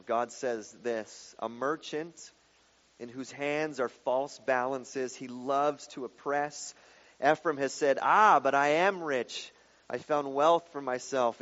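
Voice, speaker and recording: A man's voice: mid-range voice, big-room sound, dull audio. A man preaching through a Bible passage verse by verse, explaining it in a casual, conversational way with frequent asides. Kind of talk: bible teaching sermon.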